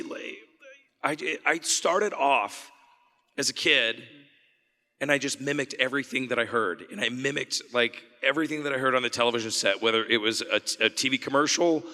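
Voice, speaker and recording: Chatty, bright-voiced man on a panel. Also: mid-range voice, in a large hall. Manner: chatty, laughs often, restarts sentences. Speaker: voice actor panel guest. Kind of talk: convention Q&A panel talk. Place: convention panel room.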